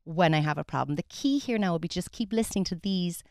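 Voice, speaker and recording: A woman's voice: fairly low pitch, lively intonation, fast talker, darkish tone, no room sound, studio quality. An Irish woman teaching French phrases on the radio, explaining patiently and modelling the pronunciation. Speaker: French tutor.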